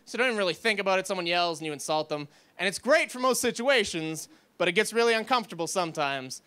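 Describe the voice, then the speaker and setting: A man's voice: high voice, lively intonation, quick pace, pushed and bright, smooth. A young man doing a self-deprecating stand-up routine on a comedy club stage, rambling with lots of "like" into a handheld mic.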